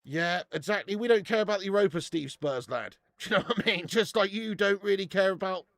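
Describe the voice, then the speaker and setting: A man's voice: high-pitched, a little fast, creaky, a bit bright, no echo. A young man hosting a live watch-along stream, bantering with viewers, swearing and laughing often. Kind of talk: live casual chat to viewers.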